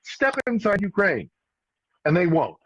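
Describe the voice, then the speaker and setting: A man's voice: high-pitched, very animated, a little slow, a bit bright, no echo. Rambling man on a dull stream. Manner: rambling, with restarts and asides. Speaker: regular guest commentator. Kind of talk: casual political commentary. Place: in Ukraine.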